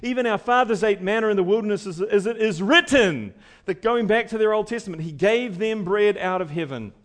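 A pastor preaching a sermon to his congregation, emphatic, his voice swinging between loud and quiet. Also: brisk. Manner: emphatic preaching with wide swings in pitch and loudness.

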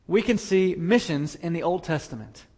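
A man's voice: on the high side, moderate pace, darkish tone. A man preaching a sermon as pastor, earnest, repeating phrases for emphasis.

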